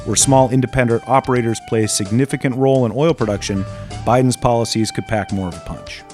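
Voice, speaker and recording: A man co-hosting a talk radio show, reading news articles aloud with relaxed asides. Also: mid-range voice, fast, faint music behind. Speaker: radio co-host.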